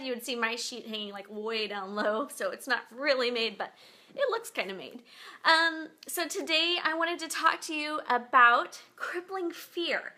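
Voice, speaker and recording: A chatty woman talks to her viewers from home, rambling through a story with plenty of ums and likes. Her voice sits high and sounds bright and clear. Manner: chatty, rambling with many fillers. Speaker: podcast host. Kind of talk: casual chat to viewers. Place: at home beside her bed.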